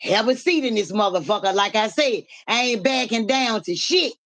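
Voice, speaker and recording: A woman's voice: a little high, expressive, normal speed, fairly bright tone. A woman hosting a live stream in casual talk, repeating rhythmic, profane hype chants to her viewers.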